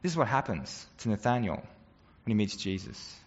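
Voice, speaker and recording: A man's voice: lowish voice, big pitch swings, moderate pace, long reverb tail, lo-fi sound. A man preaching a sermon as a pastor, conversational and earnest, often asking the congregation rhetorical questions.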